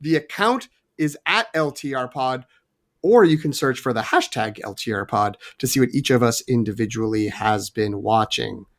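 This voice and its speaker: A man's voice: medium pitch, lively intonation, moderate pace. A man co-hosting a casual film podcast, rambling and self-deprecating. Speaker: podcast co-host, professor.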